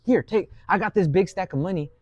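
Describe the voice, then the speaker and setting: A man's voice: sits high, fairly quick, a little mellow, dry recording, highs cut off. A man voicing an eccentric man who gives away cash, with exaggerated, theatrical complaining.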